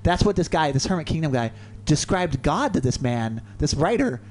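A man co-hosting a radio show in a studio, telling a long story in a rambling, animated way and swearing freely. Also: on the high side, moderate pace, a little hiss or hum. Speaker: co-host. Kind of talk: casual storytelling on talk radio.

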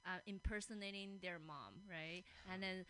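A woman's voice: fairly low pitch, moderate pace, a bit bright, a little hiss or hum, poor audio. A woman hosting a casual podcast, telling comedic stories with many fillers and frequent laughter. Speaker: podcast host.

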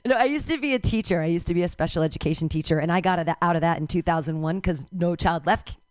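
A woman's voice: on the low side, very fast, no room sound, clean studio sound. A woman in her fifties doing a stand-up comedy set, rambling, irreverent and self-mocking.

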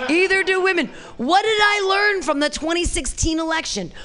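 A woman performing a stand-up comedy set, brash and crude, swinging between shrieked punchlines and low muttered asides. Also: animated, moderate pace, crowd noise. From California.

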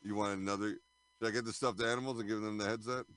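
Low-voiced man bantering on a podcast, dry mic. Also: fairly even intonation, quick pace, a bit bright, clear, resonant tone, no room sound. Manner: joking, teasing banter. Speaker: podcast co-host. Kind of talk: casual chat.

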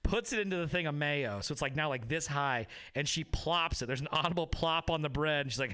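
Man, stand-up comedian, crude animated storytelling, bright tense voice. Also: fairly high pitch, fairly quick, hardly any pauses.

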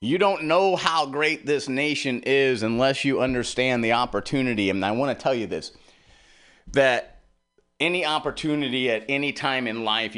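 A man's voice: medium pitch, a bit bright, clean tone. A middle-aged man hosting a radio show, rambling through a heartfelt personal monologue with plenty of swearing.

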